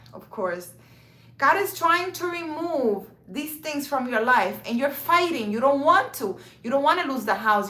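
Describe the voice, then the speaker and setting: Woman, casual spiritual talk, fairly high and bright voice, echoey room, chatty with fillers. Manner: conversational, with many fillers and self-corrections. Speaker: spiritual vlogger.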